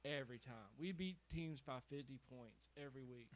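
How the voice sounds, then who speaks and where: A young man in casual podcast chat, ribbing his co-host and drawing out his own stories in a relaxed way. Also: medium pitch. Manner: relaxed, ribbing reactions, drawn-out storytelling.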